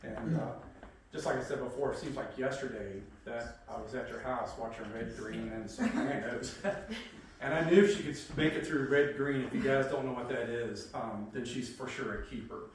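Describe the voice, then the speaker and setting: A man's voice: medium pitch, normal speed. A man gives his wedding vows in a loose, rambling way, full of ums and small laughs. He is heard from a distance in a very echoey room. Faint noise sits behind him. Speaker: groom.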